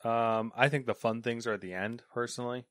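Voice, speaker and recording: A man's voice: medium pitch, steady tone, fairly quick, a bit bright, dry recording. A man co-hosting a casual gaming news podcast, answering with dry, laid-back quips. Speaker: podcast co-host.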